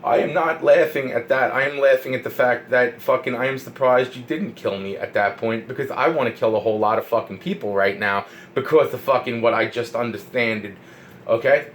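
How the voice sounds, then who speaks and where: A man recounts a story in a loose, rambling way, swearing often and repeating phrases as he gets worked up. His voice sits at an ordinary middle pitch. A faint hiss runs under the recording. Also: fairly quick, rough recording. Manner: profane, excitable, repeats himself.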